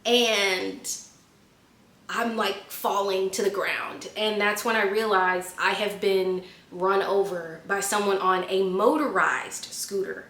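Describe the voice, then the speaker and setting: A woman, chatting casually as a vlogger and telling an animated story that she laughs at. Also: mid-range voice, slow, roomy sound. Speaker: vlogger answering viewer questions. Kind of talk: casual chat.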